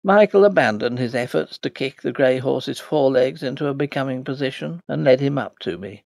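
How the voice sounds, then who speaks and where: A man reading a novel aloud as an audiobook narrator, in a measured, dry storytelling delivery. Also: mid-range voice, vocal fry, darkish tone, dry recording.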